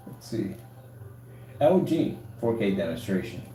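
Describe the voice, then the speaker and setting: This man's fairly low, dark voice is very animated yet a little slow. At home, beside a projector and a gray wall, he gives a casual demo of his projector screen paint, rambling emphatically like a salesman, with a roomy echo in the recording.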